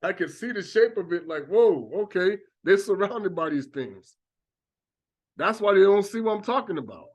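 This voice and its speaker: A man's voice: sits high, lively intonation, normal speed. A man preaching a religious monologue, talking animatedly and acting out reactions with exclamations. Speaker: religious teacher.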